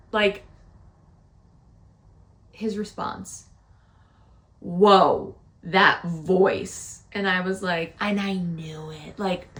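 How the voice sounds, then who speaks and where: Young woman, podcast host, casual rambling story, frequent whispered asides, gravelly fry. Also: medium pitch, a bit bright. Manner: chatty, rambling, lots of fillers, drops to whispers.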